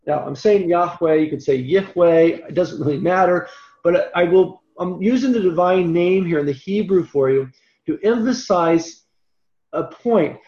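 A man teaching through a Bible passage verse by verse, animated and conversational, with asides and self-corrections. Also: sits high, a little slow. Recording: roomy echo, dull lo-fi sound.

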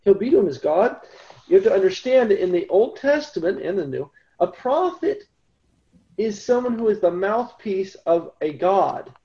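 High, gravelly man teaching scripture. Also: very animated, normal speed, dark tone, muffled recording. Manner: conversational, keeps asking "right?". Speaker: Bible teacher. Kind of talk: Catholic Bible study lecture.

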